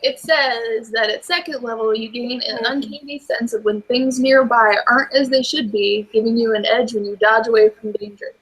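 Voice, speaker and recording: A woman's voice: on the high side, fairly even intonation, moderate pace, hardly any pauses, fairly bright tone, slightly rough, low-quality recording. A woman playing a tabletop role-playing game, reading rules aloud and chatting about her move. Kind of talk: casual chat while playing.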